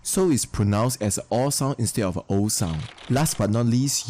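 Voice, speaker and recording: A man's voice: fairly low pitch, moderate pace, few pauses, mellow, a little hiss or hum. A man teaching a recorded lesson, explaining steadily and spelling out examples. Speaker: English teacher.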